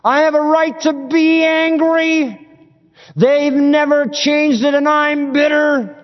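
A man preaching who voices a bitter, indignant churchgoer, loud and self-righteous, high in his voice. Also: level tone, takes it slowly. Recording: dull recording in a large reverberant hall.

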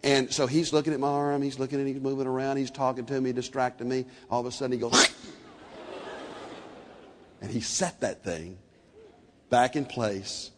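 An older man preaching a sermon, telling stories and swinging between soft, slow passages and loud, animated ones. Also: mid-range voice, long reverb tail, slight background noise. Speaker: pastor.

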